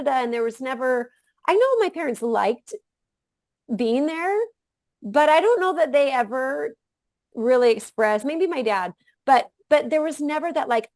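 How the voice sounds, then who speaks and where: A woman guest on a podcast who is a mother, talking in a loud, energetic way in casual conversation. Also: a little high, normal speed, no echo, studio quality.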